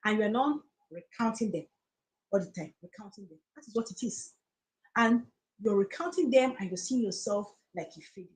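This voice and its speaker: A woman with a Nigerian accent gives earnest, preachy encouragement on a live stream, repeating phrases for emphasis while tearful and close to crying. Her medium-pitched voice has lively intonation, a moderate pace and a slightly mellow quality, though the recording is rough.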